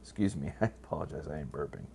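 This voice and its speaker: Deep-voiced man giving blunt, profane political talk. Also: animated, quick pace, creaky, warm tone, husky. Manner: blunt, profane, rambling with many fillers. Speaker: political commentator. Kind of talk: casual political commentary.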